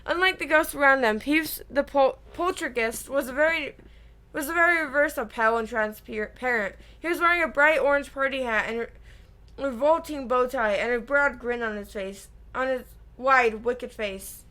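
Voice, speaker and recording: Woman reading a novel aloud, high voice. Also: moderate pace, sharp tone. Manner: stumbling, self-correcting. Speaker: reader.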